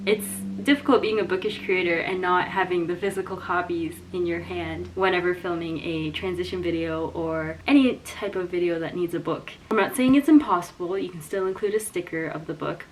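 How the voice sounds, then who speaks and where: A young woman vlogging a book unboxing, gushing and emotional, jumping from excited squeals to hushed whispers. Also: lowish voice, a little hiss or hum. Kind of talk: casual unboxing vlog. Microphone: camera mic.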